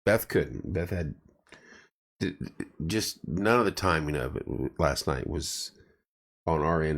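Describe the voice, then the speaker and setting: A middle-aged man from central Indiana, his very low, deep voice gravelly, husky and fading, chats casually on a live stream. He rambles, restarts sentences, and stops to greet viewers by name.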